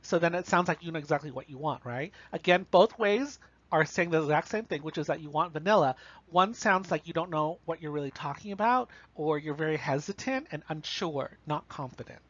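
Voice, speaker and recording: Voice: medium pitch, animated, a little fast, a bit bright. A college instructor giving a recorded online lecture on writing, casually talking through examples and often checking in with "right?" and "you know". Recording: slightly dull, dry recording.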